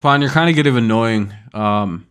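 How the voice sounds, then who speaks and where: A man's voice: medium pitch, normal speed, fairly bright tone, smooth. A young man hosting a casual live stream, first reading news, then ranting in an irritated, profane way at a viewer in the chat. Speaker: streamer host.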